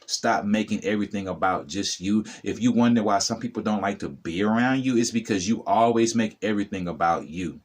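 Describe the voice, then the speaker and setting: A man's voice: on the low side, brisk, hardly any pauses, husky. A middle-aged man giving a motivational talk to the camera as a spiritual vlogger, preachy and repetitive, addressing the viewer directly.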